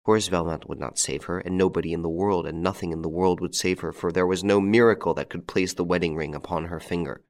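A male narrator reading a classic story aloud in a measured, even way. His voice is very deep. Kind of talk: audiobook narration.

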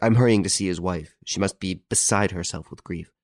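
A man's voice: low voice, a little fast, darkish tone, no room sound, studio quality. A man voicing an agitated young man who stammers and insists in a storybook reading. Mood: distraught.

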